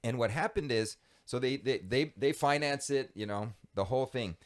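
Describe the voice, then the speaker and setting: A man telling a story from his past as a podcast guest, animated and quick to laugh. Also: medium pitch. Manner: animated, lively storyteller who laughs easily. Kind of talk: conversational storytelling.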